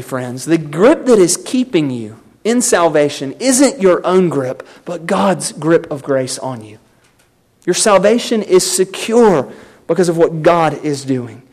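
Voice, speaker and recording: A man delivers a sermon in a high, animated voice. He speaks emphatically, urging his listeners on, with his pitch rising and falling widely. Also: a little slow. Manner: emphatic, exhorting the congregation. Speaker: pastor.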